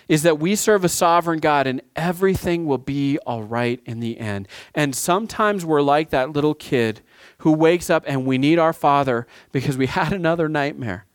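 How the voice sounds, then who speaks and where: A man's voice: fairly high pitch, clean tone, dry recording, studio quality. A man in his thirties preaching a sermon as pastor, talking in a conversational way with frequent asides and restarts.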